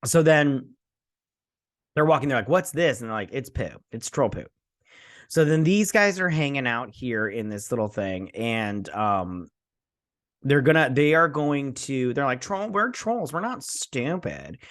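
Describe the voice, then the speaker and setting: A man's voice: mid-range voice, animated, a little slow, fairly bright tone. A man hosting a casual show review, rambling through the plot and acting out characters in jokey put-on voices. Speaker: host. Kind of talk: casual episode recap and review.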